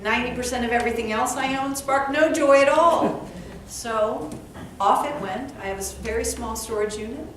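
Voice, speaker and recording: Give me a lively woman storyteller heard from a distance, faint noise behind her. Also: fairly high pitch, moderate pace. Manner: animated, humorous, acts out dialogue. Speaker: author and speaker, interview guest. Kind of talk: storytelling at a live author event. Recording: echoey room, distant mic, faint background noise.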